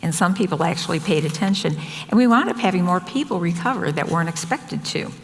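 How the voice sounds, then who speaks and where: An older woman with a somewhat low voice tells stories from her years as a nurse, slipping into the voices of the people she quotes. Her talk rings with the long reverb of a large hall. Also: quick pace, slight background noise. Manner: anecdotal, quotes others in lively voices. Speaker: nurse and speaker. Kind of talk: storytelling talk.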